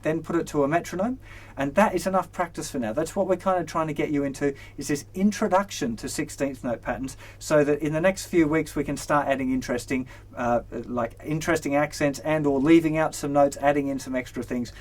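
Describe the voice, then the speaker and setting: A young man teaching a guitar lesson, relaxed and encouraging, counting beats aloud as he plays. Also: a little high. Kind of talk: instructional lesson. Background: guitar strumming.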